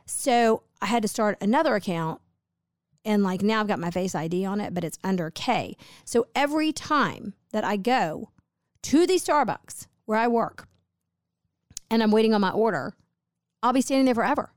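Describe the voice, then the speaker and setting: A middle-aged woman co-hosts alongside her husband, the host, in a casual chat where she rambles chattily through a story. Her mid-range voice has lively intonation and a moderate pace, captured as clean studio sound with no echo.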